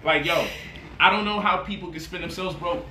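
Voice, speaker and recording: A man's voice: sits high, brisk, sharp tone, slight background noise. A man talking as a money vlogger in a casual, boastful monologue, swaggering and profane. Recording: roomy echo, voice off-mic.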